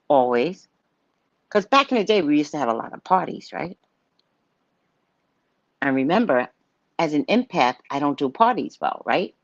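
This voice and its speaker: A woman's voice: low-pitched, no echo, lo-fi sound. Blunt, cursing woman hosting a psychic show. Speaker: psychic host of a live show. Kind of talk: casual livestream monologue.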